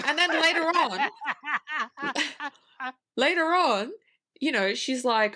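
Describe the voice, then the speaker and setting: An Australian woman co-hosting a podcast, reviewing a movie in casual chat, animated and swearing freely. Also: high-pitched, unhurried, long pauses. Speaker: podcast co-host.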